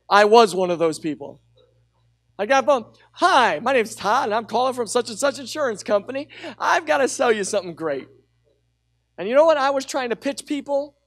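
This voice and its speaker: A middle-aged man preaching a sermon as pastor, telling a personal story with lively energy and urging the congregation to call out. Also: very high voice. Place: church sanctuary with a congregation.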